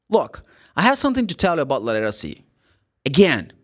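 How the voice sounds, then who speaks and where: Lively Brazilian man teaching pronunciation. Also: mid-range voice. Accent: Brazilian Portuguese. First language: Portuguese. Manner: drawn-out sound demonstrations, plays student questions. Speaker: English teacher. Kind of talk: pronunciation lesson.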